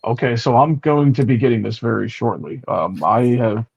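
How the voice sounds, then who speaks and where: A laid-back man answers questions over a video call. His voice is gravelly and husky, and it sounds dull and dry. He takes his time and laughs easily. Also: mid-range voice, expressive, moderate pace, darkish tone, no room sound. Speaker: guest luchador. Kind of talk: casual video call interview.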